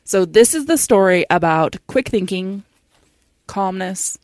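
A woman's voice: mid-range voice, expressive, unhurried, darkish tone, dry recording, clean studio sound. A woman co-hosting a podcast, chatting casually and giggling between lines before she tells a true story. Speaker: podcast co-host telling the story.

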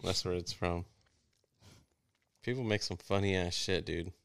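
A man's voice: sits low, fairly even intonation, unhurried, creaky, clear, resonant tone. A man hosting a podcast, joking around in laid-back casual chat. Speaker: podcast host.

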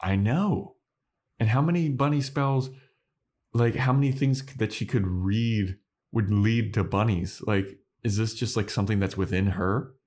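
Deep-voiced, chatty podcast guy. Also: unhurried, darkish tone. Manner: loose, chatty, laughing storyteller. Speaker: podcast co-host. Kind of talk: casual episode recap.

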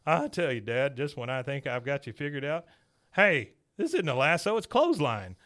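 A man's voice: mid-range voice, very animated, moderate pace, a bit bright. A man putting on the voice of an uptight, indignant middle-aged son who protests in a whiny way.

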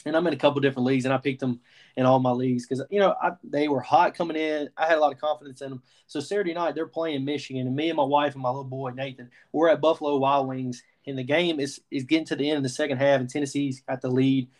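A young adult man co-hosting a sports podcast, chatting casually and spinning an animated story, quoting his own reactions as he goes. His voice sits at an ordinary middle pitch, easygoing and expressive. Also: fast talker. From Southern United States. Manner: animated storyteller, quotes himself. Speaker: podcast co-host.

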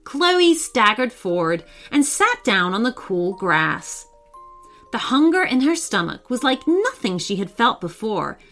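A woman narrating a children's story in a scripted, expressive way with dramatic pauses. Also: fairly high pitch.

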